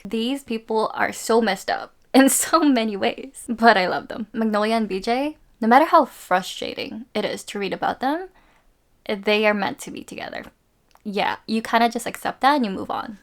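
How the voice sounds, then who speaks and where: Gushing woman reviewing books. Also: medium pitch. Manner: gushing, playful and expressive, laughs often. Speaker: book reviewer. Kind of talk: casual chatty book review vlog.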